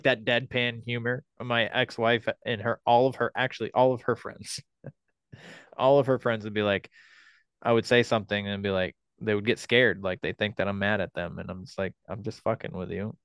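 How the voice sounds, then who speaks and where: Laid back podcast host guy, smooth clear voice, agrees a lot, dry sound. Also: lowish voice, steady tone, fairly bright tone, no echo. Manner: easygoing, agreeable, quick to say yeah and for sure. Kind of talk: casual podcast interview.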